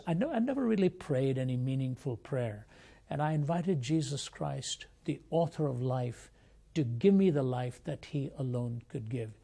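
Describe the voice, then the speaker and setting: A man's voice: medium pitch, gravelly, mellow. An older man from India, a guest speaker, giving an earnest, reflective personal testimony in an interview.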